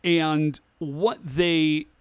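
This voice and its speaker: A man co-hosting a podcast in casual chat, recapping the plot in a relaxed way. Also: fairly high pitch, extremely slow, clean tone, dry recording. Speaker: podcast co-host.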